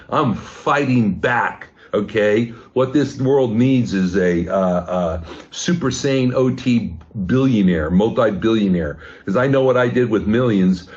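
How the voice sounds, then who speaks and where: A man's voice: lowish voice, lo-fi sound. A man giving a rambling, profane, rousing fundraising pep talk over a video call. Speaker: fundraising speaker.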